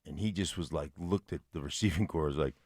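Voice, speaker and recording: A middle-aged former player on a sports talk show, his voice very low. He tells stories in a relaxed, teasing way, recorded close and dry in the studio. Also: fast, no echo. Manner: laid-back, storytelling, dry teasing. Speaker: radio co-host, former player. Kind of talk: morning sports talk radio. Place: radio studio.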